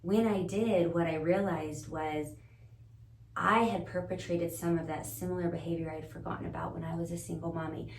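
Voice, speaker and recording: Gravelly low-voiced woman, roomy distant sound. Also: steady tone, normal speed. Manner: earnest, searching, thinks aloud. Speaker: podcast guest. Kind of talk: reflective conversational storytelling. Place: indoor room shared with the host. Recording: roomy echo, distant mic, faint noise.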